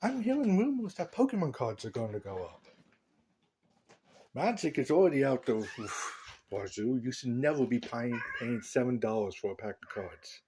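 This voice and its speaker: A man's voice: mid-range voice, very animated, moderate pace, mellow, a little hiss or hum. A man vlogging a casual, rambling opinion rant, joking and laughing at his own lines.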